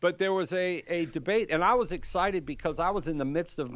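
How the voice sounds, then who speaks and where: A man in his fifties, a podcast guest, telling a story in an animated way and chuckling as he goes. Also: high-pitched, a little fast, no room sound. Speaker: guest apologist. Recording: dull, dry sound.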